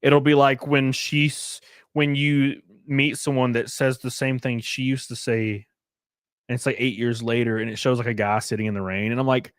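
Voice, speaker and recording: A man's voice: medium pitch, little pitch movement, normal speed, no echo, clean studio sound. A man streaming live, reading chat messages and riffing sarcastically with plenty of swearing and mocking voices.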